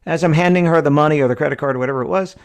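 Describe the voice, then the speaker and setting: A podcast host with a fairly high voice tells stories in rapid-fire, chatty fashion, often checking in with "right?" along the way.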